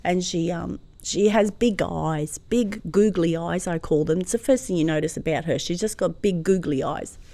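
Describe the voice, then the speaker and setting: This Croatian-born guest, raised speaking Croatian, recounts a family tale in a relaxed podcast interview. Her lowish voice moves at normal speed with few pauses, and the recording is dry. She speaks with real feeling and laughs frequently, an animated, emotional storyteller.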